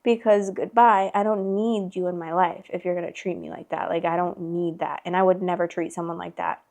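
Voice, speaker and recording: Chatty young woman with a lowish voice. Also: steady tone, fairly quick, creaky, a little mellow. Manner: chatty, heavy filler "like", swears freely. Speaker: podcast host. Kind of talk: casual storytelling chat.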